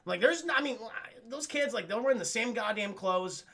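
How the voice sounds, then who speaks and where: A man casually recapping a cartoon episode for his live chat, animated, profane and laughing often. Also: high voice, fairly quick, gravelly.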